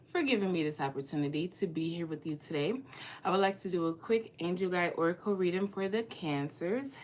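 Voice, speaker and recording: A young woman with a low voice gives an oracle card reading straight to her viewers. She talks in a loose, rambling way, full of "like" and "you know". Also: a little hiss or hum. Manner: chatty, rambling, lots of filler words. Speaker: tarot and oracle card reader. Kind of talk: casual spiritual reading to camera.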